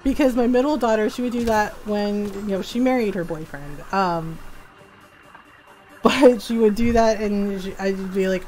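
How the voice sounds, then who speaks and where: A woman's voice: on the high side, moderate pace, a little mellow, soft background music, poor audio. A woman in her forties chatting casually while streaming a game, telling stories with frequent giggles. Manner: giggly storytelling. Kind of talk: casual gameplay chat.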